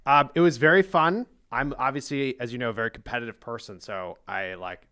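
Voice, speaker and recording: Male podcast host, bright and forward voice, chatty and playful, laughs between lines. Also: mid-range voice, fairly quick. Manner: playful storyteller, animated, laughs often. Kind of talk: casual chat.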